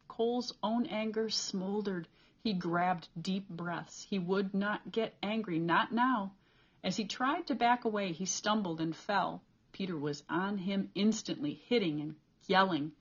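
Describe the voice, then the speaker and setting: A woman reading a novel chapter aloud as an audiobook reader, with steady, clear storytelling. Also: medium pitch, dull audio.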